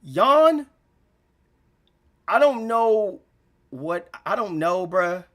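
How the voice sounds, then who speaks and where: A man's voice: high-pitched, big pitch swings, drawn-out words, a bit bright. A young man talking straight to camera in an emotional, rambling monologue, repeating himself, using slang, and close to tears. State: near tears. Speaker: gaming channel vlogger.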